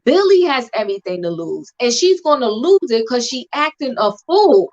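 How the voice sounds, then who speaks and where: A woman co-hosting a casual chat about a TV show, talking in an animated, emphatic, slangy way. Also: fairly high pitch, normal speed. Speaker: podcast co-host. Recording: dull lo-fi recording.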